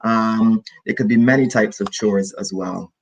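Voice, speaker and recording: A man from the Caribbean teaching an online English lesson, lively and encouraging, repeating key phrases for his student. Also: fairly low pitch, measured pace, gravelly.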